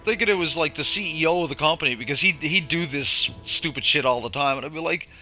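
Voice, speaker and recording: Guy with a bright voice rambling thru old kitchen stories, swears a lot, faint music behind. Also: on the high side, quick pace. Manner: rambling, profane anecdotes with acted quotes. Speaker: former chef telling stories. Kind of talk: casual storytelling chat.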